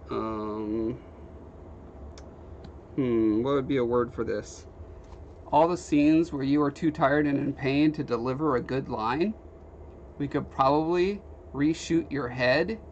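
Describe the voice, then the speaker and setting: Here a young man with a medium-pitched voice hosts a laid-back livestream from a home workshop, wandering from topic to topic and reading his chat's comments aloud between bits of work. The audio is a touch dull, with a faint hum of background noise.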